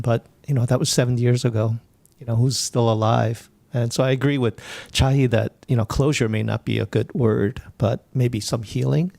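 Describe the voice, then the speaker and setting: A man's voice: mid-range voice, creaky, mellow, dry recording. A man on a panel, modest and hesitant, speaking with many fillers. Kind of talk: panel discussion remarks.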